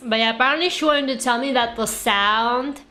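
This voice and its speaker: At normal speed and in a slightly high voice, a young woman whose first language is Russian chats on a casual gaming stream as a VTuber. She's an animated, rambling storyteller who laughs often, and her room is echoey.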